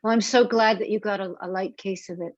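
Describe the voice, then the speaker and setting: A woman's voice: medium pitch, steady tone, fast. A woman taking part in a video call workshop, talking in an earnest, self-deprecating way. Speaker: workshop participant. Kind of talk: casual video call chat. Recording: dry, dull video call audio.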